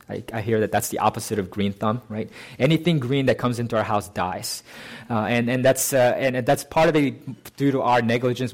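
A man preaching a sermon as pastor, in a conversational way, often asking "right?" and lifting and slowing his voice on key phrases. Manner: conversational, often adds "right?" to check with listeners; lifts pitch and slows to stress key phrases.

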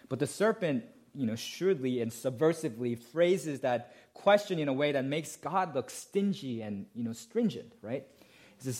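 A man's voice: mid-range voice, lively intonation, normal speed, darkish tone. A male pastor preaching a sermon, explaining a passage emphatically and asking rhetorical questions.

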